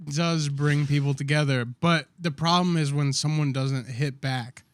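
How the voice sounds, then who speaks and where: A man co-hosting a podcast, speaking in a slightly high voice. He mostly adds short, wry reactions and quips. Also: steady tone, measured pace, clean tone. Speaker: podcast co-host. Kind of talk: casual chat.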